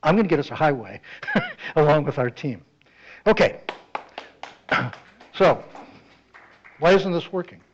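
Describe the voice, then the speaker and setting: A man's voice: fairly high pitch, sing-song, measured pace, pauses often, slight background noise. A man giving a talk at a community club meeting, telling a joke and chatting casually with the audience. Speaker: guest speaker. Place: meeting hall. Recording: dull lo-fi audio.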